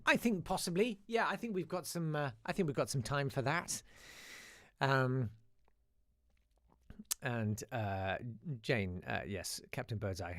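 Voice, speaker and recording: A man hosts a casual chat show, reading out listener emails and telling school stories. His voice swings lively up and down, with lots of restarts and asides. The sound is close and dry. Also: mid-range voice, a little slow, no room sound. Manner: chatty and animated, with many restarts and asides. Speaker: host.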